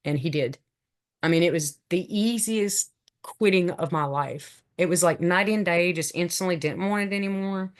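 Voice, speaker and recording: A woman's voice: low voice, normal speed. A middle-aged woman giving an emotional, earnest faith testimony, telling her story with laughs and asides. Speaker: guest sharing faith testimony. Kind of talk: personal testimony talk.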